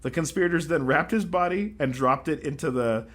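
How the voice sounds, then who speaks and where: A man's voice: fairly high pitch, a little fast. A man co-hosting a casual history podcast, reading out facts with jokes and asides. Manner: animated, reads facts aloud with jokes and asides. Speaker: podcast co-host.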